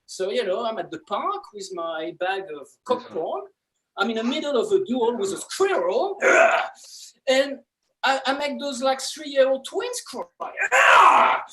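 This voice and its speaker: A man's voice: very high-pitched, a little slow, rough recording. A man, doing a playful stand-up set over a video call. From France. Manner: animated storyteller, playful. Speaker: comedy student performer.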